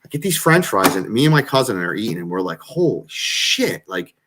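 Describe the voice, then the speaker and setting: A man's voice: on the low side, fast, noisy background. A middle-aged man, co-hosting a show and telling a long casual story full of fillers and swearing. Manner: animated, profane, lots of fillers. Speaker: co-host.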